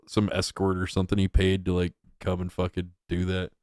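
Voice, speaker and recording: A man's voice: sits low, completely flat delivery, fairly quick, a little mellow, no echo, clean studio sound. A man streaming a crude, profane reaction commentary, scornful and rambling.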